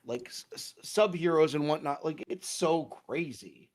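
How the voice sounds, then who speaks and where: A young man from the United States with a fairly high voice rants on a casual talk stream. He peppers his talk with "like" and "um" and swears freely. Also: measured pace. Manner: ranting, swearing, frequent fillers. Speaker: podcast co-host. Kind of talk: casual chat.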